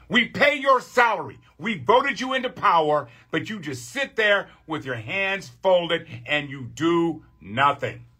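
Guy ranting on his podcast, high bright voice kinda husky, swears a lot and hammers the same point. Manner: heated, profane, emphatic repetition. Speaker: podcast host. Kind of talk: political rant monologue.

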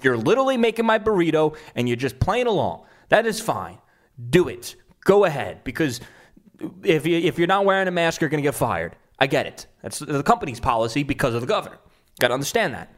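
A man's voice: on the high side, very animated, brisk. A man giving reaction commentary, talking it through with frequent restarts.

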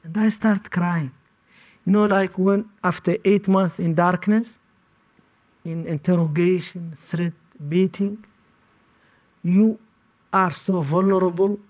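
A man giving personal testimony as an interviewee, speaking in short, halting phrases. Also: high voice, steady tone, a little mellow. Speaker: interviewee recounting detention.

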